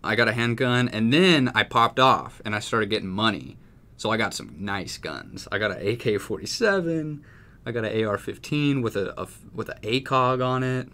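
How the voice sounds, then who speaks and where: A man's voice: medium pitch, pushed and bright. A young man from Texas telling a story in casual chat, rambling and swearing freely. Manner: profane, rambling, laid-back. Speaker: music producer.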